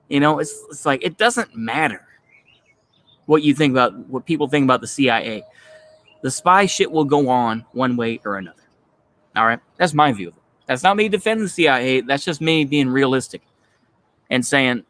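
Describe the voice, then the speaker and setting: Thirties Texan guy vlogging, rambling, profane and dismissive, mid-pitched voice. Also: a bit bright, no echo. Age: 30s. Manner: blunt, profane, dismissive rambling with many fillers. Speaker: political commentary vlogger. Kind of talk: casual ranting monologue.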